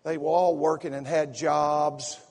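Pastor with a slight Southern lilt, excitable and folksy, fairly high voice, echoing through a big sanctuary. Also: male voice, unhurried. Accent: Southern US, slipping in from home visit. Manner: excitable, folksy preaching with repetitions and asides. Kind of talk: sermon. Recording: echoey sanctuary reverb.

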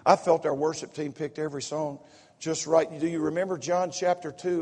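A man preaching a sermon in a folksy, excitable way, full of repetitions and asides, with a slight Southern accent. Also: a little high, normal speed, husky. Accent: Southern US, slipping in from home visit. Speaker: pastor. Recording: echoey sanctuary reverb.

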